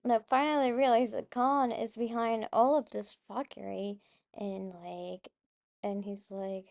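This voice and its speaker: A woman's voice: a little high, fairly even intonation, unhurried, vocal fry, darkish tone. A woman hosting a podcast, chatting casually about a movie she loves, swearing freely and getting emotional. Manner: swears freely, gets emotional, many fillers. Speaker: podcast host. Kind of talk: casual rambling movie chat.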